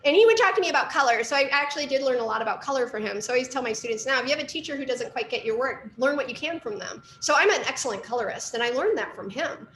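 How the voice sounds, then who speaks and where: A middle-aged woman with a slightly high voice tells stories from her art training in a chatty, rambling way. She is recorded in an echoey room with a faint hiss behind her. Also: expressive, rapid-fire, hardly any pauses, fairly bright tone. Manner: chatty storytelling with fillers and asides. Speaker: artist and art teacher. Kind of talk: casual lecture talk.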